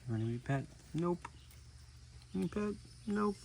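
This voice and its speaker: Relaxed man vlogging outdoors. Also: high voice, takes it slowly, gravelly, a little hiss or hum. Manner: relaxed, chatty, speaks softly to the animals. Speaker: animal sanctuary keeper. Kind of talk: casual vlog narration. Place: outdoor animal sanctuary.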